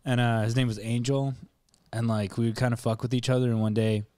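A man's voice: mid-range voice, level tone, fairly quick, a little mellow, smooth, no echo. Laid-back man telling a crude story. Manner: laid-back, vulgar, laughing. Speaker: podcast co-host. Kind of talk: casual storytelling.

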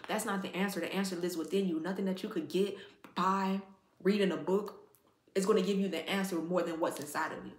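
A woman's voice: lowish voice, fairly even intonation, fast talker. Rambling woman card reader, echoey room. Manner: rambling, filler-heavy, heartfelt, says "like" constantly. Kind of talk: casual spiritual card reading.

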